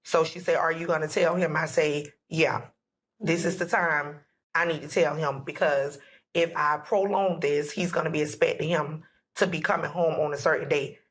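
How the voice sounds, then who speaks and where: Speaking at a normal pace, this woman has a low, slightly rough voice with fairly even intonation. As a guest on a podcast, she emotionally recounts a personal story, performing the dialogue with lots of "I said, he said."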